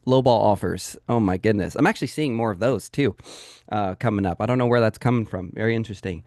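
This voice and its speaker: A man's voice: lowish voice, fast, no echo. Brief: upbeat male coach, dry close sound. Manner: energetic and emphatic, talks straight to the audience. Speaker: real estate sales coach. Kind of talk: live training webinar.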